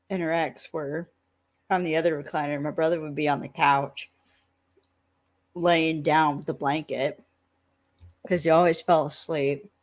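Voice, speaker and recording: A woman co-hosting a podcast, casually recapping an episode with lively acted-out quotes and frequent laughs. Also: low-pitched. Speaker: podcast co-host.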